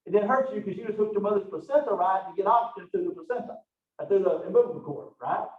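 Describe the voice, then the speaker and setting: High-voiced folksy professor lecturing. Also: male voice, quick pace. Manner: folksy and chatty, Southern phrasing. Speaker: college anatomy and physiology instructor. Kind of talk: casual classroom lecture. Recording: echoey, distant, dull lo-fi room recording.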